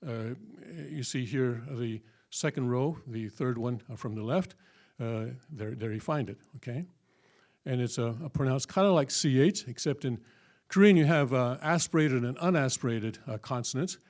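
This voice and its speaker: A man teaching a classroom lesson in a folksy, halting way, often checking with the room. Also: mid-range voice, a little mellow. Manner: folksy, full of fillers and checking "okay?". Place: church hall.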